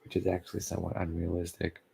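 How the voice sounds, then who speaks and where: Man, very low voice, gravelly creak, sleepy and yawning, meandering casual vlog talk. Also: monotone, quick pace. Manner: meandering, loses his thread, laughs softly at himself. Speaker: vlogger. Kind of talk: casual rambling monologue.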